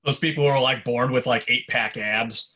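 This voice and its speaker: A man's voice: mid-range voice, moderate pace. A man appearing as a podcast guest, telling an anecdote in an easygoing, chatty way. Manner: relaxed anecdotal telling with fillers. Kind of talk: casual storytelling.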